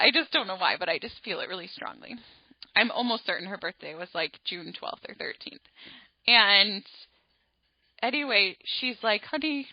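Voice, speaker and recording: A woman hosting an astrology podcast, telling a personal story in a chatty, animated way full of asides. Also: mid-range voice, dry recording, dull audio. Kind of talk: casual storytelling monologue.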